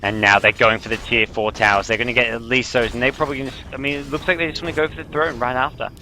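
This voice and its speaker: Bright-voiced young male esports caster. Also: mid-range voice, quick pace. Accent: slight French. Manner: analytical, rising to excited bursts on big plays. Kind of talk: solo game commentary.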